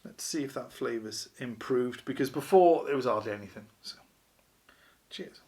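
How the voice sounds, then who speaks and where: A man's voice: mid-range voice, moderate pace, dark tone. A man hosting a casual beer review vlog, chatty and wry, poking fun at himself. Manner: chatty, wry, self-deprecating.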